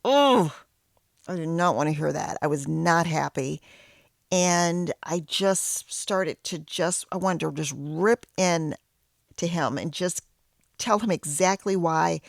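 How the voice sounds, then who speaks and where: A woman host and yoga teacher in training, telling a personal story and teaching in a candid, self-deprecating conversational way with quiet whispered asides. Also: sits low, unhurried, creaky, no room sound, studio quality.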